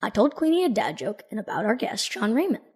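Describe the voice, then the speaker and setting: A woman's voice: fairly high pitch, big pitch swings, a little fast, darkish tone, breathy edge. Playful woman podcast host. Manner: playful, joking. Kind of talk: scripted podcast hosting.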